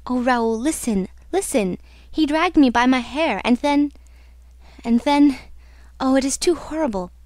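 A woman's voice: high voice, lively intonation, measured pace, darkish tone, dry recording. A woman reading an audiobook and voicing a frightened young woman who speaks in a breathless, pleading way.

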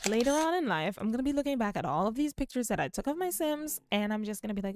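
Excitable young woman host, gushes and squeals. Smooth voice, dry close mic. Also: on the high side, fast talker, few pauses, dry recording. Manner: excitable, gushing, squeals with delight. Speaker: gaming video host. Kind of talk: casual gameplay commentary.

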